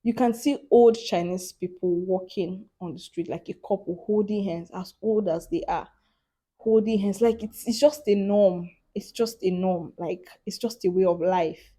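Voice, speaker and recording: Animated woman vlogger, mellow voice. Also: medium pitch, moderate pace, husky. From Africa. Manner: animated, laughing, lots of "like" fillers. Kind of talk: casual reflective vlog.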